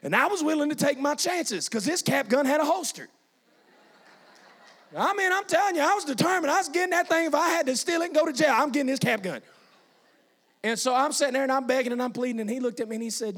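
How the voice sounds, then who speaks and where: A man preaching a sermon as pastor, moving from hushed storytelling to shouted praise. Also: very high-pitched, expressive, quick pace.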